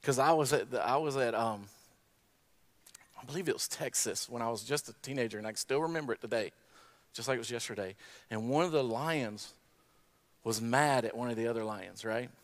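Man, sermon, storytelling preacher, fervent exhortation, mid-pitched voice, quiet prayer at the end. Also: fairly quick, long pauses. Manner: storytelling, climbs to impassioned exhortation. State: tearful at times. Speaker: speaker at a graduation service.

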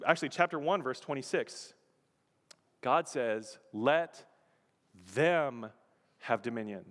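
A man preaching a sermon as pastor, lively, acting out quotes and putting questions to the congregation. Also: fairly high pitch, in a large hall. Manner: animated, acts out quotes, asks the audience questions.

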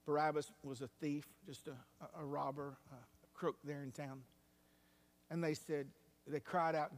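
A male pastor preaching a sermon, moving between hushed, quiet passages and loud, rising climaxes. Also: fairly high pitch, little pitch movement, unhurried. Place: church sanctuary. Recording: long hall reverb.

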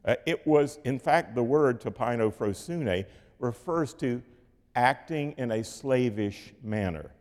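A man preaching a sermon in a measured, rhetorical way, with dramatic pauses and dips in volume. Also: medium pitch, lively intonation, darkish tone. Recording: long hall reverb.

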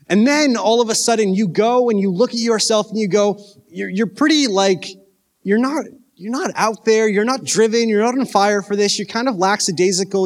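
A man preaching a casual youth sermon, joking and asking his listeners questions. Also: high voice. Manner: casual, conversational preaching with jokes and questions to the audience. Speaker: youth pastor.

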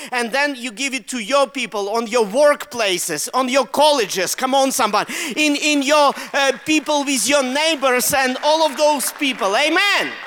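A man's voice: very high voice, big-room sound. A man with a Russian accent preaching a sermon with energy and calling on the congregation to answer him. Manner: energetic, calls out to the congregation for responses.

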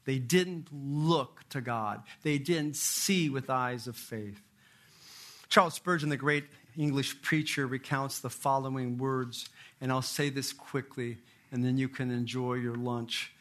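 A pastor preaching a sermon and closing in prayer, earnest, slowing down to stress key points. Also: male voice, medium pitch, fairly even intonation, fairly bright tone.

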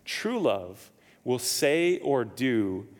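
A man's voice: medium pitch, very animated, extremely slow. A man preaching a sermon as pastor, telling stories with humor and acting out the dialogue for his congregation. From lived in Nevada, now Indiana. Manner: storytelling, acts out dialogue, jokes with congregation. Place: church. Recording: church sanctuary reverb.

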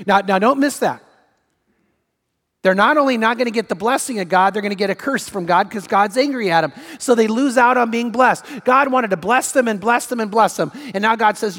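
A pastor with a high, brisk, fairly bright voice preaches a sermon from the pulpit. He is emphatic, repeating his main points and voicing the people he quotes, while a long reverb fills the large church hall.

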